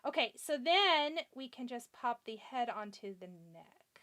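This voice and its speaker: A woman with a fairly high, animated voice hosts a live craft tutorial, speaking a little slowly in a bright, forceful tone. She chats through her steps, talks to herself as she works, pokes fun at her own small slips, and answers viewer comments.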